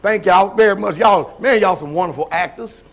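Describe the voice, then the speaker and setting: High-voiced preacher quizzing his congregation. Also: moderate pace, fairly bright tone. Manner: calls people up, checks in with the crowd. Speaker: pastor. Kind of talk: live sermon.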